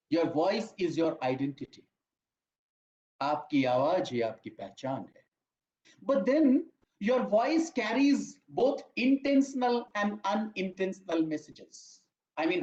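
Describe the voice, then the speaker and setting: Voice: medium pitch, a little mellow. A lecturer gives an online talk to teachers. The lecturer stresses words firmly, often checks in with the audience, and calls them dear friends. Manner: emphatic, checks in with "fine?", addresses "my dear friends". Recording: roomy, dull lo-fi online audio.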